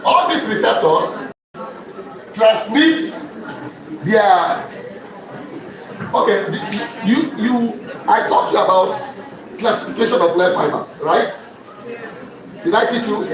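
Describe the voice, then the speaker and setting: A man's voice: high voice, animated, slow pace, long pauses, a crowd in the background. A male lecturer teaching in call-and-response style. He keeps firing quiz questions and checking that listeners are following. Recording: echoey hall, distant mic, audience noise.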